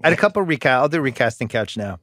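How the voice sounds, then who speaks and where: A man hosting a loose movie podcast, riffing freely and pulling sports-trade comparisons into the chat. His voice sits at an ordinary middle pitch, recorded close and dry with no room sound. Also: sing-song, rapid-fire, a bit bright, no room sound. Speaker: podcast host.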